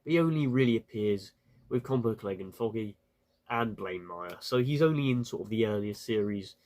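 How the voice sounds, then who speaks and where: A man's voice: on the low side, animated, normal speed, a little mellow. A man giving a casual, rambling spoken review, full of fillers and restarts. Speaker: video reviewer.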